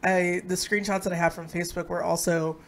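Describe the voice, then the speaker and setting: A woman's voice: on the low side, flat delivery, a little fast. Brief: young woman, stream co-host, casual, giggly banter. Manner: giggly, playful, laughing often. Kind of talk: casual chat.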